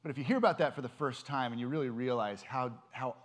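A man preaching in a relaxed, conversational way, earnest and searching for words as he goes. His voice sits at an ordinary middle pitch, and his talk is loose and unpolished, full of small pauses and restarts. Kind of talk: informal sermon.

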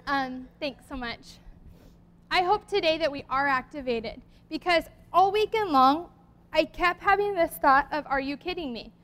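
A woman's voice: high-pitched, measured pace, a bit bright. A woman giving a heartfelt, earnest church talk to her congregation, at times reading a poem aloud and close to tears. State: tearful at times. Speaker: lay speaker at church.

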